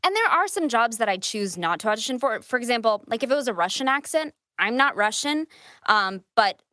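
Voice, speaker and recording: A woman's voice: fairly high pitch, very animated, fairly quick, pushed and bright, no echo. A woman voice actress talks casually on a podcast, with lots of "um" and "like" as she acts out her own thoughts. The recording is dry and close, with no room sound. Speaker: voice actress guest.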